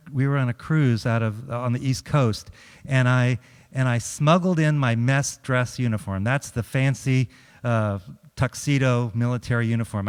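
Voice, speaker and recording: A man's voice: mid-range voice, clear, resonant tone. A middle-aged man, a chaplain, telling humorous stories to a congregation, acting out quotes and laughing often. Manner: lively storyteller, acts out quotes and laughs often. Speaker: chaplain speaking at a church. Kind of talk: humorous storytelling talk to a congregation. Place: large church hall. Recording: long hall reverb.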